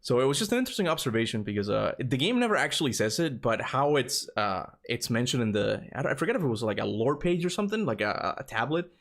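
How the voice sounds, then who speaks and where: Excitable man in his thirties streaming. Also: mid-range voice, fast, creaky, hardly any pauses. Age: 30s. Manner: excitable, talks straight to chat. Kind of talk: casual livestream chat.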